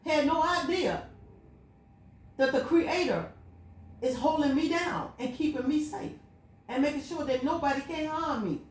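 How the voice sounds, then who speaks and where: A woman's voice: high voice, measured pace, long pauses. A woman vlogging a personal spiritual monologue, telling her story in an emphatic, repetitive, looping way. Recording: echoey room.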